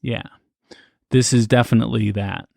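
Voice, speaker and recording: A man's voice: mid-range voice, fairly even intonation, normal speed, gravelly, darkish tone, no room sound, clean studio sound. A man co-hosting a casual podcast, skeptical and hedging as he thinks aloud with plenty of fillers. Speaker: podcast co-host.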